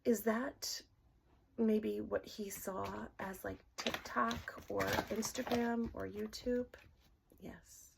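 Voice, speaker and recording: Soft, gravelly-voiced woman half whispering. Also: mid-range voice, fairly even intonation, very noisy. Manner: soft-spoken, halting, often drops to a whisper. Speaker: dowsing-rod reader. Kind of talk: casual spoken session asking questions.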